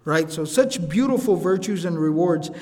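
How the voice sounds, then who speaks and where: A man teaching a recorded religious lecture, speaking conversationally, reciting Arabic quotations quickly and often checking in with "right?". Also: high voice, expressive, darkish tone. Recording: lecture hall with long reverb.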